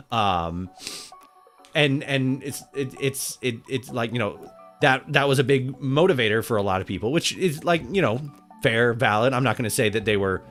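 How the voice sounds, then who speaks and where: A man's voice: mid-range voice, moderate pace, faint music behind. Sweary rambling male streamer. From Europe. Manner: swears constantly, rambling with many restarts, bursts into loud excitement. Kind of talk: casual livestream chat while gaming.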